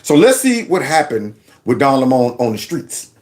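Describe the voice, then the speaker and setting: A man's voice: medium pitch, big pitch swings, normal speed, darkish tone. A man hosting a casual political commentary show, folksy and mocking, with lots of asides. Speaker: show host.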